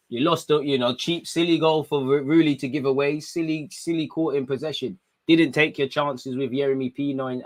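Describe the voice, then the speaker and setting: A young man, giving casual, excitable live commentary to viewers during a football watchalong stream, talking in slangy street speech. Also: medium pitch.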